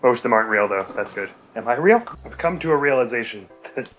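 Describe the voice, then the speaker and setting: A man's voice: medium pitch, expressive, fast, fairly bright tone, dull audio, soft background music. A man hosting a video game let's play, giving casual, rambling commentary with self-mocking, exasperated grumbling.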